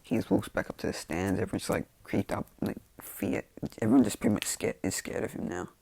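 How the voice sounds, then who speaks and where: Rambling man with a gravelly, low voice. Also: expressive, a little fast, darkish tone, no echo. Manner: rambling, full of fillers. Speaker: fan storyteller. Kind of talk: casual storytelling.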